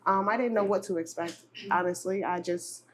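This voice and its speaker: A woman's voice: on the low side, fairly even intonation, normal speed, a little hiss or hum. A woman chatting casually on a panel, acting out her own thoughts as she tells a story. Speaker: panel guest. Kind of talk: casual chat.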